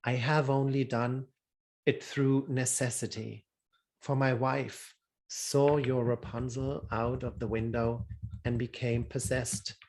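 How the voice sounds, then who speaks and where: A man's voice: mid-range voice, little pitch movement, slow pace, darkish tone, slight background noise. A man reading the lines of a frightened husband in a fairy tale, pleading and earnest.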